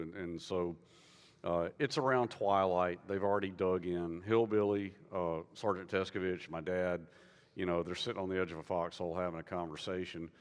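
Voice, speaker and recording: A man, guest author, telling a story in a rambling, halting way with many fillers and restarts. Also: deep voice, long reverb tail. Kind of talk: panel conversation, storytelling. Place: conference stage.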